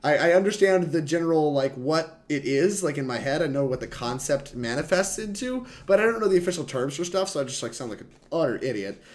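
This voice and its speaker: A man's voice: fairly high pitch, animated, a little fast, hardly any pauses. A young man streaming a card game, chatting and rambling to his chat in a casual, laughing way. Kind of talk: casual gameplay commentary to chat.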